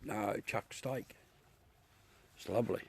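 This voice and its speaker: A man's voice: on the low side, slow pace, darkish tone, slightly rough. Easygoing Australian man chatting live. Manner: rambling, easygoing, laughs at his own jokes. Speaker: livestream host chatting with viewers. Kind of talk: casual live chat. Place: at home beside a telescope.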